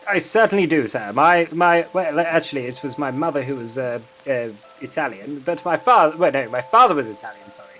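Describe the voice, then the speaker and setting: A man's voice: a little high, expressive, brisk, few pauses, sharp tone, faint music behind. A man playing a polite, overly formal census taker with a British accent who keeps calling people sir. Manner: overly formal, keeps saying sir, swears when startled. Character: polite fussy Old West male census taker.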